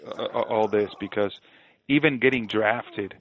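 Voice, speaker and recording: A man in his forties, a former ballplayer, telling his story in an interview with earnest, animated energy and frequent repeated phrases. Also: on the low side, unhurried. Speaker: podcast guest, former baseball player. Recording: dry, narrow phone-like sound.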